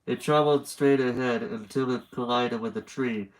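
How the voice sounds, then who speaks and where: A young man with a mid-range, slightly nasal voice narrates a horror story on stream in a steady tone at normal speed, the recording rough. He breaks off for rambling, chatty asides between passages before returning to the tale.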